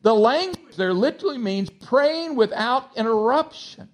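Preacher man w a bit of texas twang, pretty high voice, goes from loud pushing to soft asides. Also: animated, moderate pace. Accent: slight Texas twang. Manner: emphatic, swings between loud exhortation and soft asides to the congregation. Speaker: pastor. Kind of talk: sermon.

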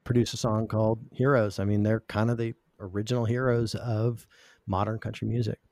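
A man's voice: fairly low pitch, little pitch movement, fairly quick, a little mellow, no room sound. A man hosting a music podcast in casual chat, earnest and thoughtful, often restarting his phrases. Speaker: podcast host.

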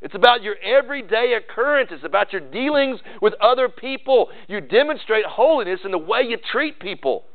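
A man's voice: high voice, sing-song, brisk, hardly any pauses. A male pastor preaching an earnest sermon, often restarting and repeating words. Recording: tinny phone-like sermon recording.

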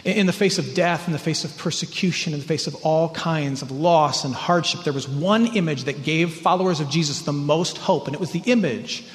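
A man preaching a sermon as pastor, earnest and emphatic, sometimes rising in pitch and sometimes dropping to a hush. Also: brisk, few pauses. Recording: church hall reverb.

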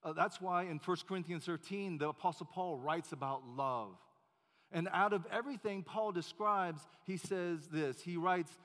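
A man preaching as a pastor, telling a story in a relaxed, chatty way with many fillers and restarts. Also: high voice, normal speed. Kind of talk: sermon storytelling. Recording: long hall reverb.

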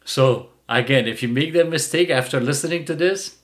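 A man's voice: medium pitch, normal speed. A middle-aged man who hosts a dog-training show and delivers a blunt, mocking casual rant. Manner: blunt, mocking, bursts of laughter.

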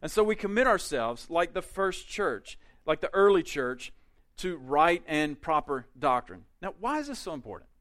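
A male pastor preaching a sermon in a conversational way, with quick asides and emphatic peaks. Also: on the high side, very animated, a bit bright.

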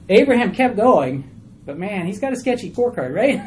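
A woman teaching a small Bible study group in a chatty, animated way, asking questions of the class. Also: mid-range voice, fairly quick, a little hiss or hum, rough recording.

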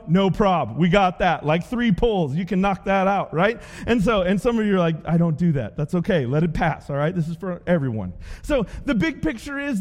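A man preaching a sermon as pastor, telling stories with playful voices for the people in them. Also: high-pitched. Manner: animated storytelling with playful character voices. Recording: long hall reverb.

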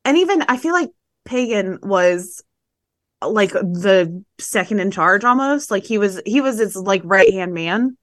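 Casting: woman podcast co-host, mid pitch, excitable and crude, laughs a lot, dry close sound. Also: a little slow, no room sound. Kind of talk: casual chat.

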